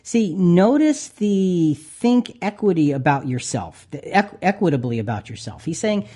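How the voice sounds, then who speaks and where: A man's voice: high voice, sing-song, normal speed, dark tone. A man hosting a Christian talk radio show, talking earnestly with many restarts. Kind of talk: casual radio chat.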